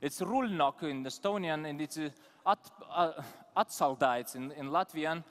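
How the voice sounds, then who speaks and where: A man's voice: a little high, a little slow, a bit bright. A man with an Eastern European accent giving a live conference talk, teasing and calling out members of the audience. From Lithuania. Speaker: conference speaker. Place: large conference hall. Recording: long hall reverb.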